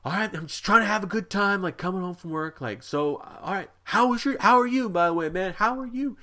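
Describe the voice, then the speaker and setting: A man's voice: high-pitched, a little fast, pushed and bright, pitched above the performer's own voice. A man voicing a drunk man on a train who rambles and acts overly friendly. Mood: rambling friendly.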